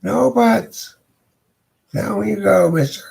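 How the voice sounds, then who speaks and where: A man's voice: sits high, slow pace, creaky, a little mellow, breathy edge, pitched above the performer's own voice, exaggerated voice. A man putting on a coy alluring young woman.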